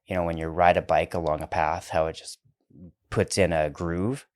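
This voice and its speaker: A man with a very low voice co-hosting a podcast conversation. He talks in a relaxed, reflective way and reaches for everyday analogies. He drops the odd curse word. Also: normal speed. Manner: relaxed, reflective, uses analogies, swears casually. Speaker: podcast co-host. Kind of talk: casual chat.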